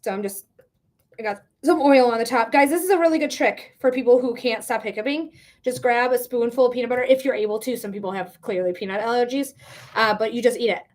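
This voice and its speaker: This is a woman giving a tarot reading on a live stream. Her voice sits a bit on the high side, and she talks in a loose, chatty way. She is frank and swears casually mid-reading. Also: fast. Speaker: tarot reader.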